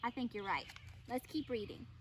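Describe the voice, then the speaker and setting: A woman teacher reading a picture book aloud to children, pausing to ask encouraging questions. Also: a little high, a little hiss or hum. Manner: encouraging, asks questions of the listeners.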